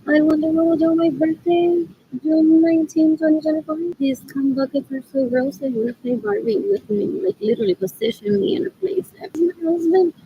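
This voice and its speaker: A woman's voice: high-pitched, brisk, narrow, tinny audio, a little hiss or hum. A woman talking in a rambling monologue, repeating phrases again and again and switching between English and Spanish.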